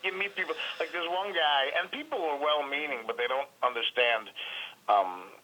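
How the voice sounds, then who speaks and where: A man's voice: fairly high pitch, normal speed, bright, forceful tone, low-quality recording. A middle-aged man, a comedian guest, telling rambling, frank, self-mocking stories in an interview. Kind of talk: candid storytelling interview.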